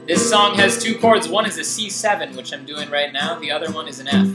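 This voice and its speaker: A young man casually teaching a guitar lesson in a relaxed, rambling, self-deprecating way, with guitar strumming behind him. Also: a little high, brisk. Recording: echoey room with loud guitar.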